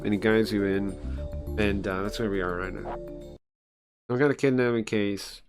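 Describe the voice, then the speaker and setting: A man's voice: on the low side, fairly even intonation, normal speed, pauses often, over music. A man casually narrating a story game aloud as a streamer, rambling and chatty with lots of fillers.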